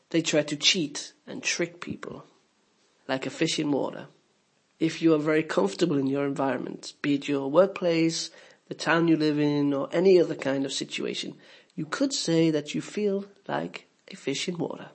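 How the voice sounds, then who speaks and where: A man reads a scripted English lesson in an explanatory, teacherly way. His voice sits a little high, with a gravelly, husky edge.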